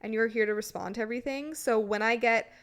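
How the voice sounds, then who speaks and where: A woman's voice: fairly high pitch, steady tone, quick pace. A woman hosting a podcast who gives Human Design readings, chatting with a friend and backing her up with frequent yeahs. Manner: encouraging, affirming with frequent yeahs. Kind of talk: casual chat.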